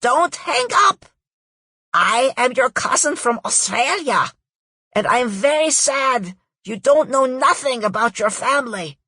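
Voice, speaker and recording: A woman voicing a raspy, insistent male cousin with a German-turned-Australian accent, pleading loudly on the phone. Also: high voice, lively intonation, measured pace, no room sound, voice pushed up, exaggerated voice. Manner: loud, pleading.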